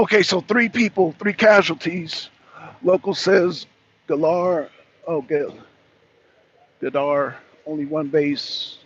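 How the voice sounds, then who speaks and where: A man's voice: fairly high pitch, fairly bright tone, slightly rough. A man, hosting a casual live-stream talk and chatting loosely with his viewers. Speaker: talk show host. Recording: dull lo-fi stream with faint noise.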